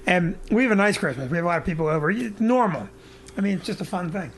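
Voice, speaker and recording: A man chatting as a guest on a podcast, earnest and quick to cut in over the others. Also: sits high, expressive. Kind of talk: casual podcast banter.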